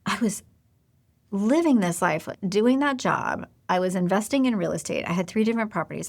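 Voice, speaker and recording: A woman's voice: mid-range voice, expressive, moderate pace, vocal fry. A woman in her forties hosting a podcast, telling a personal story in a candid, confiding way and speaking straight to the listener. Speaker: podcast host.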